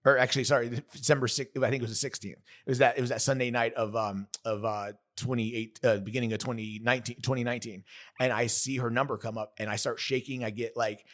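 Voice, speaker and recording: An earnest man in his thirties tells a personal story as a podcast guest. His voice sits at an ordinary middle pitch. He talks in a halting way, breaking off and restarting his sentences as he goes. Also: level tone, a bit bright. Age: 30s. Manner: earnest, halting, many restarts and self-corrections.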